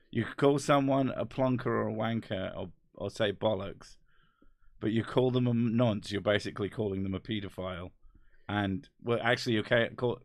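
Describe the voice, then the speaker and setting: A low-voiced man with an English accent talks close to the mic in a dry room. He rambles through casual chat with a wry tone and drops swear words freely. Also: a bit bright, no echo. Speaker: host. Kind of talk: casual chat reading comments.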